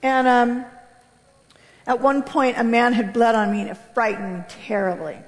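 A woman's voice: steady tone, normal speed. Impassioned woman in a reverberant hall. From United States. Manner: impassioned, emphatic storytelling with sudden pitch jumps. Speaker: speaker giving a personal testimony. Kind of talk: emotional testimony to an audience. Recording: long reverb of a large hall.

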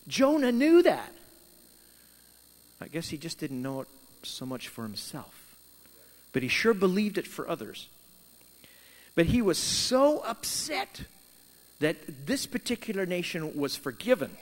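A man preaching a sermon, telling a Bible story with lively emphasis and acting out the characters' words. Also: high voice, measured pace, long pauses, long reverb tail. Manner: animated storytelling, voicing Jonah and God in quoted lines. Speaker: pastor.

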